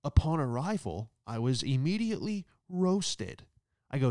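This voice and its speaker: A man's voice: on the high side, big pitch swings, measured pace, darkish tone, no room sound, studio quality. A male comedian hosting his own show, delivering a sarcastic, rambling stand-up monologue that keeps tossing in "all right?". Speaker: comedian host.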